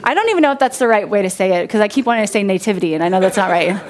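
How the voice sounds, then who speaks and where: A woman preaching a sermon in a lively way, often asking her congregation questions and laughing. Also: mid-range voice, fast.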